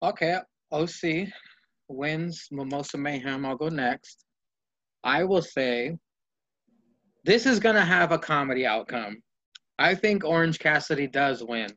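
A high-pitched man hosts a loose, profane podcast chat with his friends. He steers the talk and throws questions to his co-hosts. The audio is dull and lo-fi. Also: expressive, a little slow, pauses often, pushed and bright. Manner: profane, acts out comic scenes in high squeaky voices. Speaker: podcast host. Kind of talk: casual chat.

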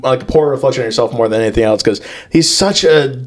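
A man's voice: mid-range voice, quick pace. A man co-hosting a podcast, telling stories in casual chat with crude jokes and frequent laughs. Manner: crude, joking storyteller who laughs often. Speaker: podcast co-host.

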